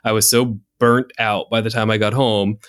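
A man co-hosting a casual podcast about love and relationships, talking in an animated, rambling way and repeating words. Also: on the low side, moderate pace, smooth. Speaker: podcast co-host. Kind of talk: casual chat.

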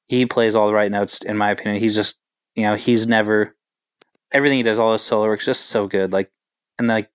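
Man in his 40s, musician guest, talks in a flat, level tone, smooth voice, dry close sound, loose and rambling. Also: fairly low pitch, fairly quick, dry recording. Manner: rambling, laid-back, full of filler words. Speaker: touring band guitarist. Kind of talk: casual interview storytelling.

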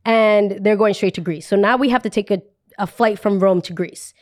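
A woman tells a story on her podcast, in an animated and chatty voice. Her pitch sits in an ordinary middle range for a woman. She talks casually and lightly acts out the people she quotes. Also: moderate pace. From New Jersey. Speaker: podcast host telling a story.

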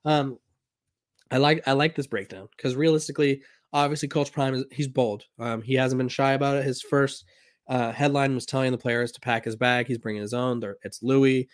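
A man's voice: medium pitch, fairly even intonation, moderate pace, no echo, studio quality. A man hosting a sports talk show, reading an article aloud and then commenting in a casual, rambling way with restarts, with a slight Southern accent.

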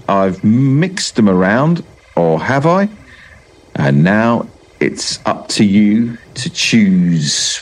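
A man's voice: lowish voice, a little mellow, slightly rough. A man hosting a podcast in casual chat, running it in a playful, game-show-like way. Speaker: podcast host.

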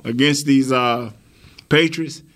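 A man's voice: medium pitch, slow pace. Emphatic mid-voiced male co-host. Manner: emphatic, gives shout-outs. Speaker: sports talk co-host. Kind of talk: casual sports talk.

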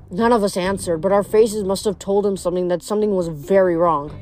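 Woman, audiobook narration, mid-pitched, steady expressive reading, faint music behind. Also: a little fast, few pauses. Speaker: reader.

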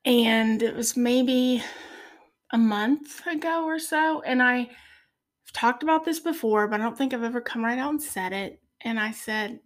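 A middle-aged woman speaking as a podcast guest in a heartfelt faith conversation, earnest and soft-spoken. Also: on the high side, measured pace.

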